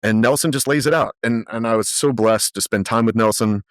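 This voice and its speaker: A man guesting on a podcast, telling animated stories full of fillers in a conversational way. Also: lowish voice, fairly quick, no room sound, clean studio sound. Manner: animated, lively storyteller with frequent fillers. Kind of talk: conversational storytelling.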